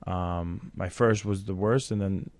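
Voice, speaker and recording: A man's voice: low voice, fairly even intonation, a little slow, a little mellow, no room sound. A man in his thirties, a fighter guest in a casual interview chat, choked up and emotional. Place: studio.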